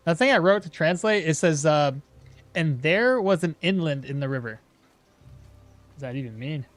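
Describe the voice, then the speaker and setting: Male streamer, higher voice, animated, casual rambling play-by-play chat. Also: measured pace, dry recording, faint music behind. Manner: rambling, self-correcting, chatting with viewers. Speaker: game streamer. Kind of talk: casual gameplay commentary.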